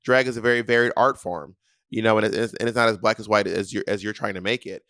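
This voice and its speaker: A young man co-hosting a podcast, telling a story in a sassy, animated way and acting out what people said. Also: lowish voice, quick pace, dry recording, clean studio sound. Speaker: podcast co-host. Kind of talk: casual chat.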